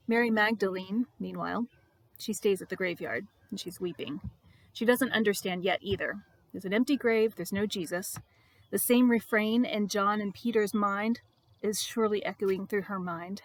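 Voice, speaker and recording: A woman reads her own devotional writing aloud in an expressive, reflective way. She leans on repeated words for emphasis. Her voice is pitched in the middle for a woman. It is recorded close up in a dry space with no echo. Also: normal speed. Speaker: vlogger reading her devotional blog.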